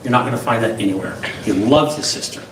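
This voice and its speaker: With a fairly low voice and quick pace, a man defending a case delivers his opening statement to the jury, emphatic and loaded with rhetorical questions. The courtroom audio echoes, the mic sits far away, and there's a faint hiss.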